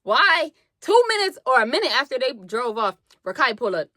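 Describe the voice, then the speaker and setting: A young woman telling a story on her vlog, animated and slangy with plenty of swearing, acting out what people said. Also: high-pitched, normal speed, dry recording. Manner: animated, slangy and profane, acts out quotes. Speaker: vlogger.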